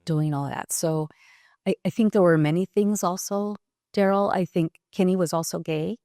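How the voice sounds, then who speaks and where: A woman in her sixties, a podcast guest, telling a personal story in a halting, reflective way with pauses and restarts. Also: on the low side, dark tone, dry recording, studio quality.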